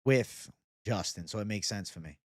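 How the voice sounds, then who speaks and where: A man's voice: fairly low pitch, lively intonation, moderate pace, dry recording, clean studio sound. A young man hosting a casual livestream, reading viewer comments and talking loosely with plenty of swearing and bro-talk. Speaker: livestream host.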